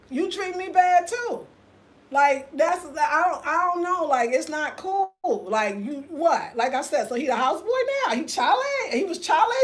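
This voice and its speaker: A woman, telling a story in a casual live chat, animated and laughing often, reading viewer comments aloud. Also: high voice. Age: 50s. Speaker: livestream host.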